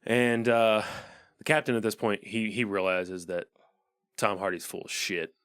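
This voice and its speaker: A man with a very low voice co-hosting a casual movie podcast, easygoing and quick to laugh. He is recorded close up in a dry room. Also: flat delivery, fairly bright tone, clean tone, no room sound. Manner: laid-back, laughs often, chimes in. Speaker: podcast co-host. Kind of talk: casual movie recap chat.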